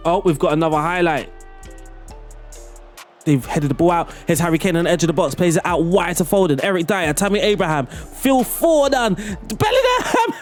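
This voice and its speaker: Excitable high-voiced gaming commentator. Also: male voice. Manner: animated, laughing, playful play-by-play. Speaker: gaming YouTuber. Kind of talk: excitable football game commentary.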